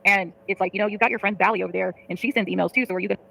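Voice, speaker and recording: Fast, gravelly woman venting to her chat. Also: medium pitch, fairly even intonation, a bit bright, slight background noise, poor audio. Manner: rapid, profane, frustrated venting. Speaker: livestreamer.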